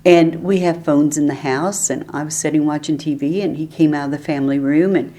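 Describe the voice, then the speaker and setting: Older woman, lower voice, chatty stories. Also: fairly even intonation, brisk, mellow. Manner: chatty, laughs often while telling stories. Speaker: oral history interviewee. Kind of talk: relaxed storytelling.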